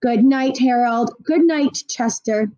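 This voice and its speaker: A woman's voice: sits high, big pitch swings, moderate pace, a little mellow, no room sound, highs cut off, pitched above the performer's own voice. A woman doing a firm, motherly peacemaker. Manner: firm, soothing.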